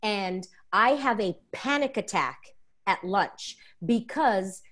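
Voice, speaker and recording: A woman's voice: medium pitch, slow. A woman interview guest telling a frank, emotional personal story, acting out the voices of the people in it. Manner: emotional, expressive, acts out quoted voices; frank, confessional.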